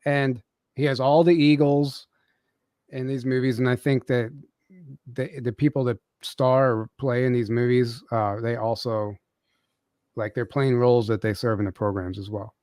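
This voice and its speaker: A man's voice: mid-range voice, fairly even intonation, moderate pace, a little mellow, no room sound, clean studio sound. Rambling man telling a story. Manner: rambling, many fillers and restarts. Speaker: podcast guest. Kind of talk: casual storytelling.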